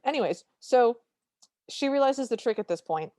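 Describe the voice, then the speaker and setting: A woman hosting a podcast, chatting in an animated way and often correcting herself mid-sentence. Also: fairly high pitch, normal speed. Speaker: podcast host. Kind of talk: casual podcast chat.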